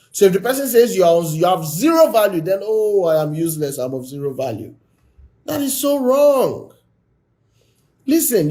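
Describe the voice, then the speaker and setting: Man, high lively voice, blunt, forceful, live-stream talk. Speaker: relationship coach.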